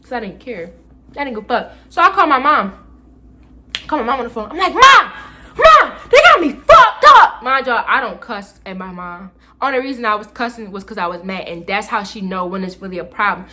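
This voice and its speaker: A young adult woman telling a personal story on her vlog, animated and profane, jumping into loud re-enacted outbursts. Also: medium pitch, brisk, background noise. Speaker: vlogger.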